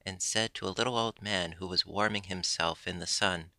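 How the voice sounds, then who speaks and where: A man narrates a classic storybook in a measured pace. His voice sits low with a gravelly texture and a bright, forward edge. The recording is close and dry. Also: fairly even intonation, dry recording. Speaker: audiobook narrator. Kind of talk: scripted narration.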